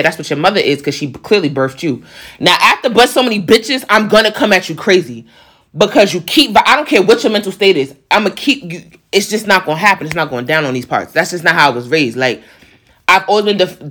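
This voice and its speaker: A woman's voice: lowish voice, fairly bright tone. A woman vlogger telling a personal story in casual, emphatic slang, talking straight to her viewers. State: on the verge of tears.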